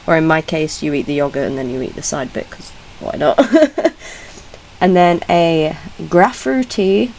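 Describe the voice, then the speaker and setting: Her voice is deep, unhurried and a little mellow, with vocal fry, and the rough recording carries slight background noise. This British woman reacts casually on YouTube in a chatty, blunt way, laughing a lot and often correcting herself mid-sentence.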